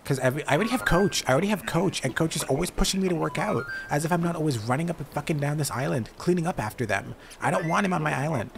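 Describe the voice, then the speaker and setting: Over game music, a man with a fairly high, expressive, creaky voice races along with few pauses. He streams a game with playful, chatty commentary, talking back to the on-screen characters.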